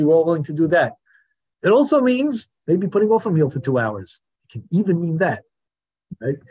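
A man teaching a Torah class in a lively lecturing manner, acting out the voices of the people he describes. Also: high-pitched, breathy edge. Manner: animated, acts out the questioner's voice.

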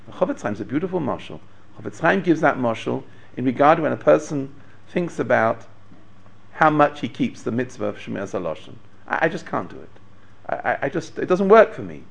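Brief: male rabbi giving a Torah class, gravelly voice with a lively, swooping pitch, an animated storyteller. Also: normal speed. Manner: animated storyteller, acts out quotes, chuckles. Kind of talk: Torah lecture.

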